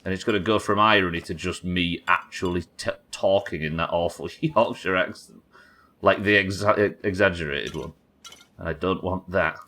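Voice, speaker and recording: A man with a low, slightly bright voice streams a game live, giving gameplay commentary and bantering with viewers in a wry, sweary way.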